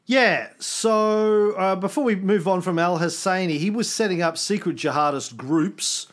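A man co-hosts a casual history podcast, reading from notes and breaking off for jokey asides. His voice sits a little high and comes across bright and forceful. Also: unhurried. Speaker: podcast co-host.

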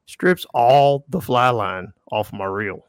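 A man with a gravelly, creaky mid-pitched voice spins a laid-back fishing story on a podcast. His humor is dry and unhurried. The recording is close and dry. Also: animated, no echo. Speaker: fly fishing guide, podcast co-host. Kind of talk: casual chat.

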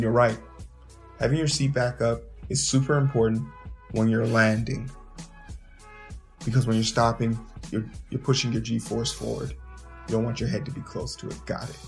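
A podcast host tells a story in an animated, foul-mouthed monologue, often tripping over and repeating words as he starts sentences. His voice is medium-pitched and creaky.

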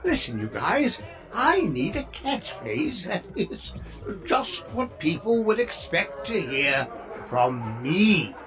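A vain, whiny robot, voiced by a man in a comedy audio play, dragging every word out very slowly. His gravelly voice swings widely in pitch, with faint music behind it. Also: huge pitch swings, crowd noise, full character voice. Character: vain male robot wanting a catchphrase.

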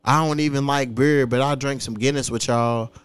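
A man in his thirties, hosting a casual podcast and talking in a profane, animated way with frequent laughs. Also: medium pitch, moderate pace, clear, resonant tone. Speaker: podcast host.

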